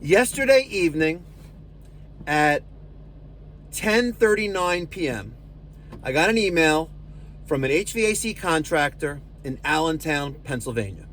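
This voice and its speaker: A man's voice: fairly high pitch, expressive, a little slow, long pauses, a bit bright, slight background noise. A man hosting an HVAC job-site vlog, talking in a salesy, infomercial-style patter about the system he just installed. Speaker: HVAC contractor and show host. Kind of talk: casual on-the-job vlog talk.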